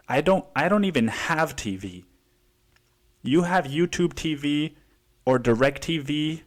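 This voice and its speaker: A man from Mexico hosting a casual solo podcast, rambling and swearing freely as he tells stories about his day. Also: mid-range voice. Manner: rambling, profane, storytelling with quoted voices. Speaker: podcast host.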